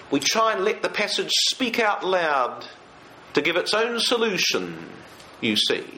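An animated man leads a Bible study for a live group. His voice sits a little high and swings widely, and he keeps asking his listeners questions. The recording is echoey, with faint room ambience. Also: slight background noise. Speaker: Bible teacher.

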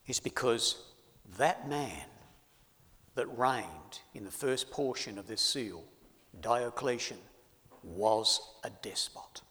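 A man preaching a sermon to his congregation, swinging from loud emphasis to hushed asides. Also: medium pitch. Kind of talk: sermon on Bible prophecy. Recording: long hall reverb.

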